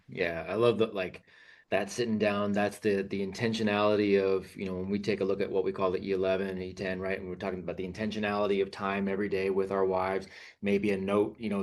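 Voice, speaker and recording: A man hosting a men's mentoring video call, casual and affirming, often saying "man.". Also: low-pitched. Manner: affirming, calls people man. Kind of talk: casual coaching chat.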